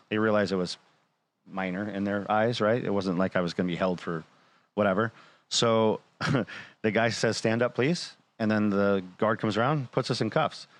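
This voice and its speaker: Low-pitched man, casual storyteller, acts out the dialogue, talk-show guest. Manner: animated, quotes others in dialogue.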